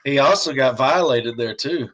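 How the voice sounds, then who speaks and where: A man of medium pitch recounts ghost-hunting stories plainly and teases his friends. He speaks in a casual, conversational way. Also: normal speed, a bit bright. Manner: matter-of-fact, teasing storyteller. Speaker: paranormal investigator guest. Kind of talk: casual podcast chat.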